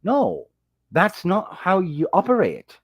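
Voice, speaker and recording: Animated man telling a story. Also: slow, no echo. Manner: animated storytelling, jumps high when quoting people; greets viewers mid-story. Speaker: livestream host and fantasy author. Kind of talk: casual rambling livestream chat.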